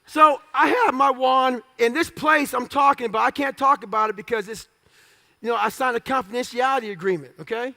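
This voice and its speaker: High gravelly guy, bright sharp voice, blunt cussing storyteller on stage. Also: fairly quick. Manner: blunt, profane, punchy storytelling. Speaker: guest speaker. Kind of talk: storytelling interview before a live audience.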